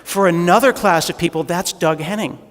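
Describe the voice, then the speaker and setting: A man's voice: sits high, a little fast, a bit bright. A man giving a humorous, self-deprecating conference talk, telling stories on stage in a large hall. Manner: joking, self-deprecating storyteller. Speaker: conference speaker. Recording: echoey hall with long reverb.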